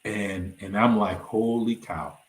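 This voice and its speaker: A man from Nigeria, a nonprofit founder, telling his story as a podcast guest and acting out the dialogue with big swings in pitch. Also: takes it slowly, echoey room. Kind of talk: animated storytelling in a podcast interview.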